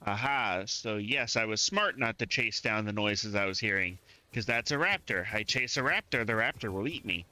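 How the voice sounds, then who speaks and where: A man from the southern United States streams live gameplay, chatting and reacting aloud in a mostly neutral way of speaking. His voice is on the low side, animated and sharp-toned, at normal speed.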